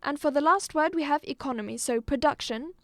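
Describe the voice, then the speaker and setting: A woman teaching a live online exam-prep lesson, patient, repeating words slowly and clearly. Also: high-pitched, fairly bright tone, no echo. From Algeria.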